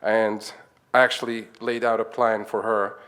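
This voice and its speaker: A man with a low voice talks through a conference presentation as a run of anecdotes. He is chatty and laughs easily, and he slips into the voices of the people he quotes. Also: little pitch movement, measured pace, fairly bright tone. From Egypt. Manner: chatty, acts out quoted dialogue, chuckles often. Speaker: conference speaker, nonprofit founder. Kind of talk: conference talk, anecdotal storytelling.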